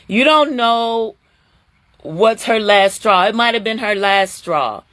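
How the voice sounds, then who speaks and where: A middle-aged woman hosting a live stream, talking casually and chattily to her viewers, sometimes jumping up into a high squeal of surprise. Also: animated, slow, fairly bright tone, no room sound.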